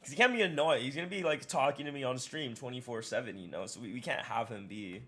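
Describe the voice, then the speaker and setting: Excited streamer guy rambling, repeats himself a lot, normal middle voice. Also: medium pitch, quick pace, slightly rough. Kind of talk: casual live-stream chat.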